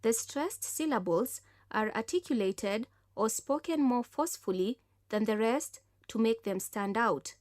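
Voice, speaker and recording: Clear, high-voiced woman narrating a lesson. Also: a little mellow, no room sound, clean studio sound. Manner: measured, instructional.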